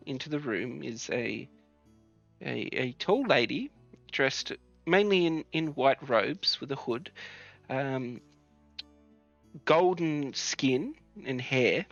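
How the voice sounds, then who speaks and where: A man running a tabletop game as game master, describing scenes in a relaxed, rambling way with many fillers. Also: mid-range voice, no echo, highs cut off.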